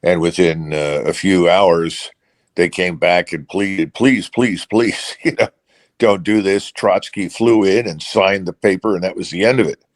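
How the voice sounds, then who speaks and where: A man with a very low voice talks through political analysis as an interview guest. He speaks unscripted and measured, pausing on fillers and restarting phrases as he thinks. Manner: measured, with many hesitations and restarts.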